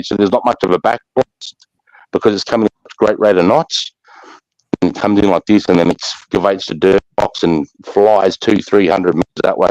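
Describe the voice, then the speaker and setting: A middle-aged Australian man with a deep, low voice tells stories from his time as a soldier in loose, casual talk. He swears freely and drifts into fillers as he hunts for words. The sound is dry and close, with no room echo. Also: darkish tone, dull audio. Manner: rough-spoken, swears freely, trails off with fillers. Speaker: army veteran guest. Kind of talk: casual war storytelling on a live chat.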